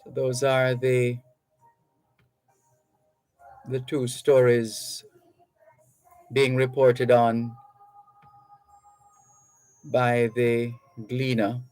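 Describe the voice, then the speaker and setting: Male radio host, unhurried, reflective, close dry studio mic. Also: medium pitch, completely flat delivery, darkish tone, no room sound, faint music behind, poor audio. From Jamaica. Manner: reads listener messages aloud, measured and reflective. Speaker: radio talk show host. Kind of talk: radio talk show. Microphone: studio microphone.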